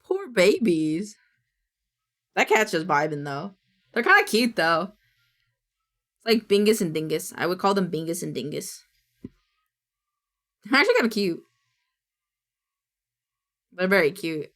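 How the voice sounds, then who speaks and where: Bright, lively young woman streamer. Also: on the low side, unhurried, long pauses. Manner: goofy, loose and swearing, squeals at clips. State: high. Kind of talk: casual chat reacting to videos.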